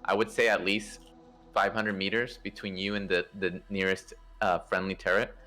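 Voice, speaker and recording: A man's voice: low voice, moderate pace, faint music behind. A man casually organizing a space game play-test, explaining maneuvers with fillers and restarts. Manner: instructive, relaxed, many fillers and restarts. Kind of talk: casual game coordination over voice chat.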